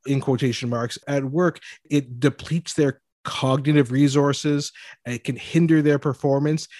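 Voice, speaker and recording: A man co-hosting a podcast, speaking in a measured, explanatory way and citing research in casual chat. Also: medium pitch, steady tone, darkish tone, no echo, clean studio sound. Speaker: podcast co-host.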